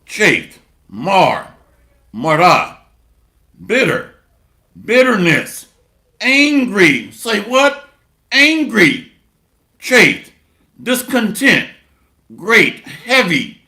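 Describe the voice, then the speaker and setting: A man's voice: high voice, big pitch swings, drawn-out words, pauses often, bright, forceful tone, reverberant. A man preaching a sermon and reading scripture aloud, in a blunt, mocking way.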